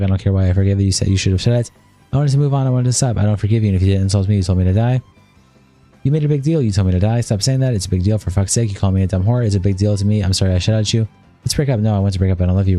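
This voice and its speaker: A man streaming live, reading a long chat argument aloud in a rapid, flat read-through. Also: lowish voice.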